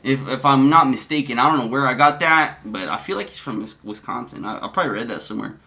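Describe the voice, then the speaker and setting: Guy rambling and cussing his way through commentary, bright voice, bouncy pitch. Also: expressive, fast talker, creaky. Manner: profane, rambling, self-interrupting. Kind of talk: casual commentary.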